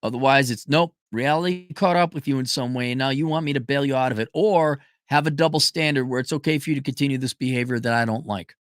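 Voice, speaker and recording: Talking fast with few pauses, a middle-aged livestream host fires off blunt, profane answers to viewer questions, emphatic and full of animated pitch jumps. The studio sound is clean and echo-free.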